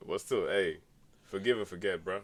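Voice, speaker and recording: A young man co-hosting a podcast, telling stories excitably and filling his talk with "bro" and "like". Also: deep voice, normal speed. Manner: excitable storyteller, says "bro" and "like" a lot. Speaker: podcast co-host. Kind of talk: casual chat.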